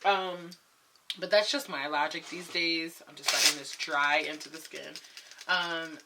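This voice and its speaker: A woman's voice: sits low, sharp tone. A young woman vlogging casually and candidly while doing her skincare, laughing often. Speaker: beauty vlogger.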